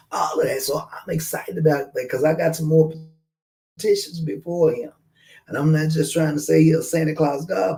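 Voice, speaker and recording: A man's voice: fairly high pitch, gravelly, a little mellow, poor audio. A man hosting a radio talk show, speaking casually and earnestly as he encourages listeners to share their stories.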